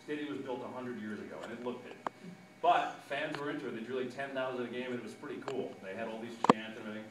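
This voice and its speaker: A man, a sportscaster, giving an animated storytelling talk to students and acting out quotes with loud bursts. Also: medium pitch, quick pace. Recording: echoey room, distant mic, background noise.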